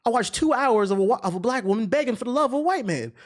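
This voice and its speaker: A man's voice: very high voice, animated, fast talker. A young man streamer ranting in casual, profane commentary, now and then mocking voices.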